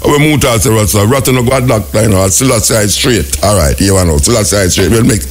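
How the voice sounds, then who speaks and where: A man's voice: lowish voice, quick pace, faint music behind. A man with a Jamaican accent hosting call-in radio, lecturing a caller in an exasperated, sing-song patois. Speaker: radio host.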